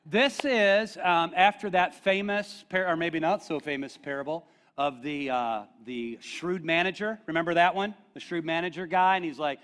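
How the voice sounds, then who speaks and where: A man's voice: on the high side, moderate pace, fairly bright tone. A middle-aged man preaching a conversational sermon as pastor, joking with the congregation and often checking in with "okay?".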